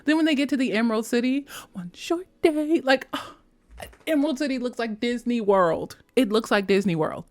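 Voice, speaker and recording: Talking at a normal speed, a female vlogger raves about a movie in a casual, slang-filled chat. She alternates between squeaky mock voices and hushed whispers.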